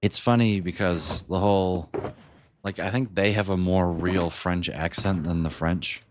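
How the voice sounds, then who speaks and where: Laid-back male streamer, low voice, rambling chat over noticeable background noise. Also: fairly even intonation, a little slow. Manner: rambling, chuckling between thoughts. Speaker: livestreamer. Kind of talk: casual livestream chat.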